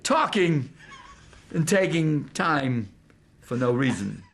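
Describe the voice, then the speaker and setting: A man in an interview riffing comically and sliding into impressions with a gravelly voice. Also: on the high side, big pitch swings. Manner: rapid-fire riffing, slips into impressions. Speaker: interviewee comedian.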